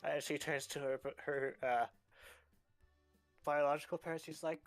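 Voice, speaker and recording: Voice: medium pitch, fairly even intonation, normal speed, long pauses, no room sound, faint music behind. A player in a tabletop game describing and voicing their character, with hesitant restarts. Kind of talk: in-character role-play.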